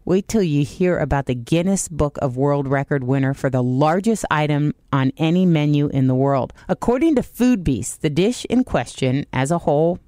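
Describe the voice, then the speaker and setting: A woman's voice: low-pitched, expressive, moderate pace, hardly any pauses, dark tone, no room sound, clean studio sound. A woman presenting a short animal news update on radio, scripted with light, chatty asides.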